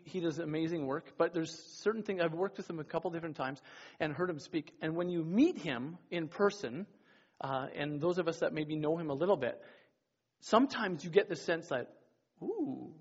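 Husky-voiced man preaching casually. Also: on the high side, highs cut off. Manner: rambling and conversational, with many restarts and acted-out quotes. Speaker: youth pastor. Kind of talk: casual sermon.

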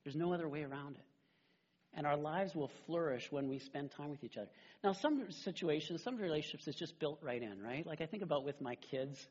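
Middle-aged man pastor, husky, slightly high voice, chatty sermon, dull lo-fi recording. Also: a little fast. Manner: animated, conversational, with frequent "right?" asides.

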